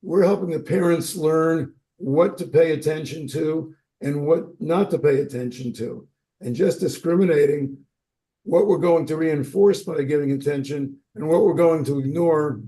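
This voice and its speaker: A man's voice: on the high side, warm tone. A man speaking plainly and matter-of-factly on a webinar panel.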